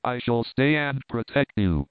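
A man's voice: mid-range voice, lively intonation, unhurried, clear, resonant tone, no echo, lightly acted. A man voicing a cruel, leering German officer who mocks and wheedles, with a tinny, phone-like sound. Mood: mocking. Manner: mocking, hollow laughter, wheedling.

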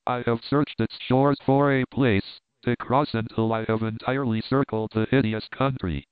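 A man's voice: mid-range voice, fairly even intonation, moderate pace, smooth, no echo, dull audio, lightly acted. A man voicing a haggard, despairing officer, speaking gloomily. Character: haggard, desperate, gloomy German officer, male.

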